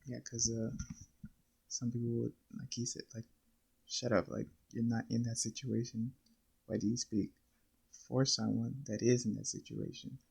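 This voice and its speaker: A man with a deeply gravelly, husky voice talks in a flat, even tone. He reacts casually and thinks aloud, stopping often to hunt for words. His sound is dark and mellow. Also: normal speed, poor audio. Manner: hesitant, thinking aloud with many fillers. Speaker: reaction video host.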